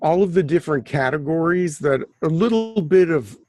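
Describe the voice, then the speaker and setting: A man's voice: fairly high pitch, animated, normal speed, a little mellow, no room sound, faint music behind. A man guest on an interview, talking about his books in a rambling, chatty way with many restarts. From Southern California. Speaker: author and guest. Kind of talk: casual conversational interview.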